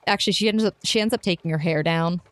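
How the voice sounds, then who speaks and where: A young woman playing a tabletop role-playing game, narrating her character and speaking as her with lively, animated swings in pitch. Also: fast, no echo. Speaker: player.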